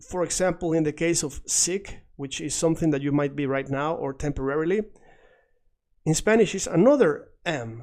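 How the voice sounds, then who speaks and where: A man's voice: on the high side, a little mellow. Patient man teaching a language lesson. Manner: patient, repeats words slowly for emphasis. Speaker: Spanish teacher.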